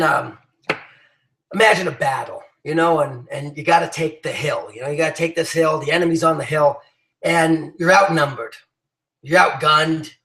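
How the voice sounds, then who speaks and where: A man's voice: on the high side, fairly bright tone, reverberant, rough recording. A man giving an emphatic motivational talk to his team, rallying them with many restarts and fillers. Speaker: business leader addressing his team.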